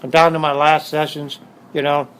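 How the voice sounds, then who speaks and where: A man's voice: fairly high pitch, little pitch movement, moderate pace, a bit bright, smooth, low-quality recording. Blunt streetwise Southern Californian man. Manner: blunt, streetwise, repeats himself. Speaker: motorcycle shop owner. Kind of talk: casual storytelling interview. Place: his motorcycle shop.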